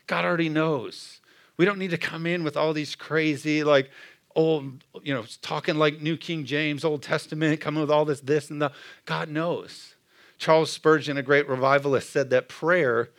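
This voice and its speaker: Man, pastor, middle-aged, gravelly voice, slightly high pitch, casual sermon. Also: normal speed, fairly bright tone. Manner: conversational preaching, frequent "Amen?" to the room.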